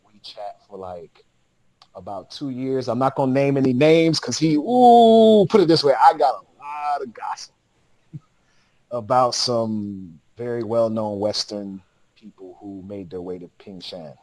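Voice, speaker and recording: A man in the middle of a casual story, talking in loose slang and laughing as he goes. His voice sits at an ordinary middle pitch. The sound is dry and close, with no room echo. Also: lively intonation, measured pace, a little mellow. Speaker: podcast guest.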